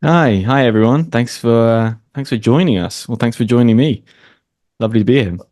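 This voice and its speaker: A man's voice: medium pitch, fairly quick, darkish tone, dry recording. A man from Oxford with a British accent, an English teacher chatting as a guest, laid-back with dry humour. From Oxford, England. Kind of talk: casual conversation.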